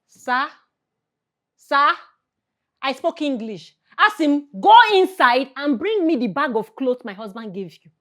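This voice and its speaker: An actress with a Nigerian accent playing a wicked, scheming aunt who scolds and mocks, slipping into Igbo. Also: female voice, high voice, animated, measured pace, sharp tone, no echo, clean studio sound, full character voice. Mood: scolding. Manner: scolding, mocking, switching into Igbo. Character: wicked scheming aunt, middle-aged woman.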